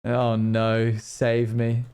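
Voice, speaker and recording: Young guy rambling on a game stream, mid pitch, chatty, laughs a bit. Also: completely flat delivery, extremely slow, a little mellow, smooth. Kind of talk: casual live-stream chat while playing.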